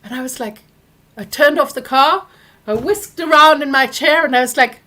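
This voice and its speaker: A woman, hosting a live Q&A and telling a personal story, animated when she acts out what others said. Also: high-pitched, moderate pace. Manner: animated when acting out quoted people. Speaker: workshop host answering questions.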